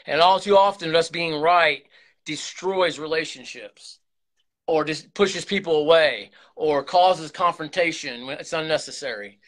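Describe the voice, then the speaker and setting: A channel host with a somewhat high, slightly bright voice keeps a measured pace while opening up on camera. Emotional and close to tears, he rambles through a candid confession, often restarting and repeating himself.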